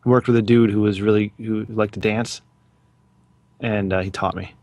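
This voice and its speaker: A man's voice: lowish voice, fairly even intonation, moderate pace, darkish tone, no echo, muffled recording. A man in his thirties co-hosting a podcast in casual chat, with dry, teasing humor. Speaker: podcast co-host.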